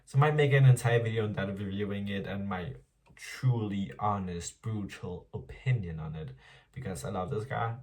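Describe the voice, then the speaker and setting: A man's voice: on the low side, moderate pace, darkish tone, distant mic. A young man chatting casually in a diary vlog while doing his makeup, rambling, self-deprecating and swearing playfully. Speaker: vlogger.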